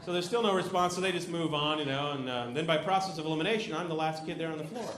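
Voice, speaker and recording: A man telling a stand-up comedy story on stage, peppering each beat with "right?" and leaping into loud character voices. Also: fast, a crowd in the background, noisy background. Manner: animated storytelling, jumps into shrill shouted voices for characters; tag questions "right?" after nearly every beat. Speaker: stand-up comic. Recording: roomy club sound with audience.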